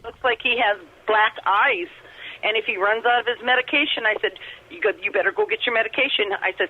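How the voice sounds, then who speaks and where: A middle-aged caller from Upper Michigan recounts an encounter by telephone in a long, rambling, earnest testimony full of restarts. She speaks a little fast, and her slightly rough voice sits on the high side.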